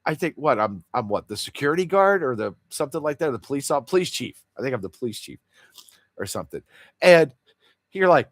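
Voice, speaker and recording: A man's voice: medium pitch, sing-song, brisk, dry recording, studio quality. A man hosting a casual livestream chat, rambling in an earnest and confessional way. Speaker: livestream host.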